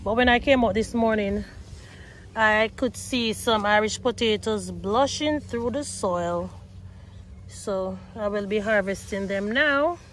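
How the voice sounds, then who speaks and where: A woman filming a casual gardening vlog outdoors beside her potato patch, talking excitedly to her viewers on her own camera. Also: medium pitch, slow pace, slight background noise. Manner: excitable, talks to viewers as guys. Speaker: gardening vlogger. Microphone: self-filmed camera.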